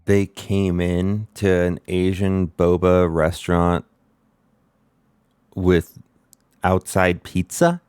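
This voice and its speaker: A man's voice: deep voice, flat delivery, slow pace, pauses often, a little mellow, smooth, no room sound. A man streaming himself watching a show, making blunt, incredulous comments and swearing freely. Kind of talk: casual reaction commentary.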